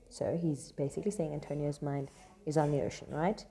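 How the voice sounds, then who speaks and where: This literature tutor talks a little fast, her low-pitched voice dark and steady in tone. In a classroom with noise around, she explains a play chattily, reading quotes aloud and peppering the casual lesson with fillers and "right?" checks.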